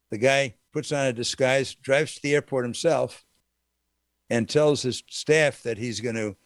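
A man with a mid-range voice delivers a political talk monologue in an indignant, sarcastic manner. He keeps jumping up into high, incredulous exclamations. The sound is dry and close to the mic. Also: no room sound.

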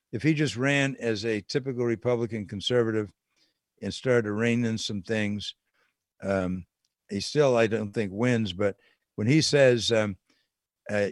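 A man's voice: fairly low pitch, moderate pace, dry recording, studio quality. Indignant male talk radio host. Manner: indignant, incredulous, laughs in disbelief. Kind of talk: political talk radio monologue. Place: radio studio. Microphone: studio microphone.

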